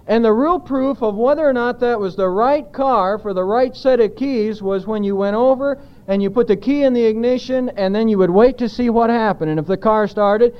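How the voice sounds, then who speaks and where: Pastor guy preaching, pretty high voice, leans hard on his points, muffled old tape sound. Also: clear, resonant tone. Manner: emphatic, asks the congregation rhetorical questions. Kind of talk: expository sermon.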